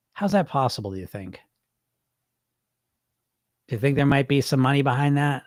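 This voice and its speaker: A man's voice: medium pitch, measured pace, long pauses, no echo, studio quality. A man hosting a weight-loss podcast, talking bluntly and emphatically with frequent swearing. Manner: blunt, profane, animated and emphatic. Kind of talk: unscripted podcast monologue reading listener comments.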